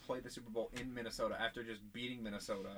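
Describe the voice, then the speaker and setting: A man's voice: medium pitch, little pitch movement, rapid-fire, breathy edge, dry recording. A young man co-hosting a sports podcast, opinionated, casually swearing and rattling off stats. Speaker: podcast co-host.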